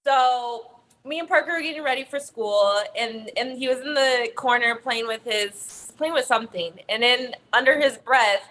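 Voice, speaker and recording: A woman's voice: fairly high pitch, normal speed, low-quality recording. A woman co-hosting a casual podcast chat, telling stories with lots of laughter. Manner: animated storyteller, laughs often. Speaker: podcast co-host.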